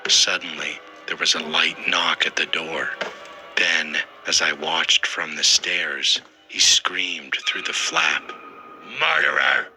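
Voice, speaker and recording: A man narrating a scary first-person story in a steady, scripted way. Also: rumbling low, slow, over music, low-quality recording.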